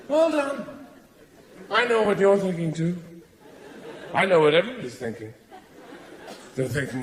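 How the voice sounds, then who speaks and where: Pausing often at a normal pace, this middle-aged comedian rambles with mock indignation in a high-pitched, animated voice. His stand-up routine takes place on a large theatre stage before a live audience, the echoey hall carrying laughter, a faint crowd and slight background noise.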